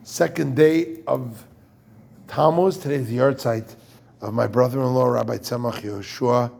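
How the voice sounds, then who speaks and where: A man's voice: medium pitch, unhurried, gravelly, a little mellow, breathy edge. A man giving an informal Torah talk as a rabbi, jokey and digressive, and turning to ask his listeners questions.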